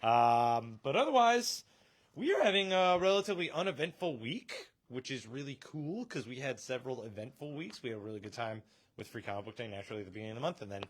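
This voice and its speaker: A man's voice: medium pitch, animated, fast talker. A man hosting a casual live stream from a comic shop, joking and laughing often.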